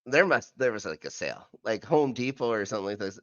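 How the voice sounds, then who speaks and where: A male co-host of a rewatch podcast rambles through a casual recap, chatty and full of "uh"s, fillers and side comments. His fast, sing-song voice is a bit bright and swings widely in pitch. The recording is dry and a little dull, with no room sound.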